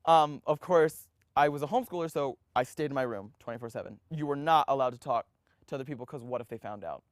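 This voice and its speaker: A young man in his twenties telling his life story in an interview, animated and full of restarts, acting out the voices of others. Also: mid-range voice, fast talker, no room sound, studio quality. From United States. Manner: animated, acts out quoted voices, frequent restarts.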